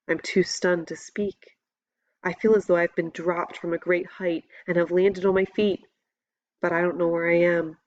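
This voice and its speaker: Woman, audiobook narration, steady measured pace, dull dry recording. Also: fairly low pitch, no room sound. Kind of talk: first-person audiobook narration.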